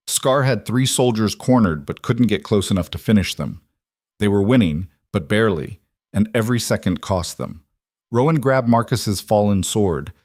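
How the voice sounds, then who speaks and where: Low-voiced male story narrator. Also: no echo, studio quality. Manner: steady, dramatic storytelling. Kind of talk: scripted narration.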